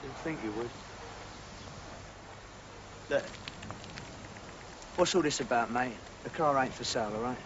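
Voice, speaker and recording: An actor playing a brash, jokey London bricklayer with a London accent, in a 1980s TV drama. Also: male voice, mid-range voice, measured pace, pauses often, natural voice. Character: cocky London bricklayer, womanising. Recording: dull lo-fi TV audio with hiss.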